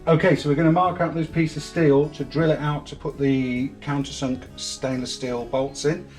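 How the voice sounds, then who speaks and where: A man's voice: a little high, little pitch movement, moderate pace, darkish tone, soft background music. A man, a vlog host patiently walking his son through a hands-on boat repair, one step at a time. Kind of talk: hands-on DIY explanation. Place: outdoors at a boatyard in light rain.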